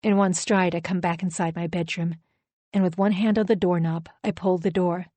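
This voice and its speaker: A woman's voice: on the low side, fairly even intonation, moderate pace, dark tone, dry recording. Woman reading a thriller dramatically. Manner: dramatic, emotionally charged reading. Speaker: audiobook narrator. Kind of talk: first-person audiobook narration.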